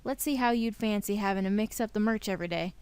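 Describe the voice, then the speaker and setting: A prickly young store clerk with a southern drawl, gruff and stubborn, words coming out a bit loud and clipped, as a woman puts him on. he's a grumpy guy from a visual novel who doesn't suffer fools. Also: medium pitch, fast talker, natural voice.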